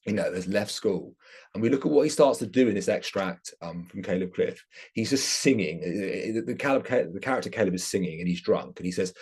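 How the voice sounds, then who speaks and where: A man's voice: lowish voice, animated, fairly quick, a little mellow, husky. A man giving an academic lecture, explaining his subject with enthusiasm.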